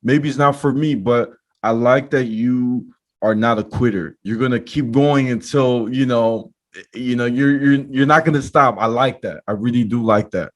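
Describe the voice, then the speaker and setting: A man's voice: medium pitch, fairly even intonation, unhurried. A man hosting a podcast, interviewing his guest in an encouraging, reflective way. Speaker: podcast host.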